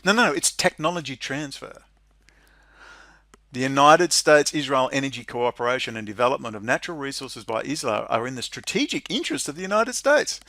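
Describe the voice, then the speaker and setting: A middle-aged Australian political commentator reads out legislation and comments on it in a sarcastic, mocking monologue, breaking into loud, incredulous laughter. His mid-range voice is very animated and a little fast, in clean studio sound with no echo.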